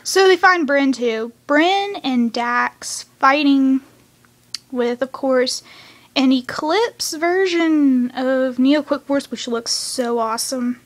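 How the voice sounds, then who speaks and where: Reviewing a freshly watched cartoon episode, a chatty teenage girl speaks in a high, bright voice from her room at home, where she's alone. The pace is slow overall, yet she rattles through the recap quickly before dropping into hushed whispers.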